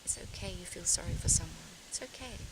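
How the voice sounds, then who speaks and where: Outdoor noise sits behind this woman's reflective talk to camera for her vlog. Her lowish voice is expressive and fast, and she stays earnest and searching, restarting sentences often.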